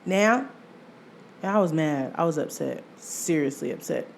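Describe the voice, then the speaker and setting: Young woman podcast host, lower-pitched voice, animated solo storytelling, laughs often, soft faint hiss behind. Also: normal speed, creaky.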